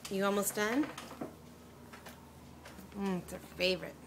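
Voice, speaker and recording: A woman's voice: mid-range voice, measured pace, background noise. Coaxing mother filming toddlers at dinner. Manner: coaxing, sing-song talk to toddlers. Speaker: parent filming her children. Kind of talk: home video narration. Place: family dinner table at home.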